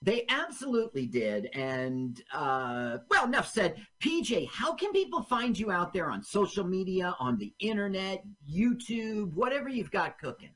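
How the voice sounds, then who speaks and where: A man's voice: high voice, very animated, normal speed, hardly any pauses, bright, forceful tone. A man hosting a radio show and interviewing a guest. He gives short, encouraging replies and asks open questions. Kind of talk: casual interview chat.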